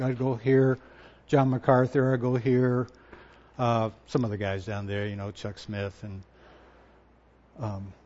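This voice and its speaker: A male pastor giving a sermon, moving from quiet personal reflection to loud, emphatic repetition. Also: medium pitch. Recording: dull lo-fi sound.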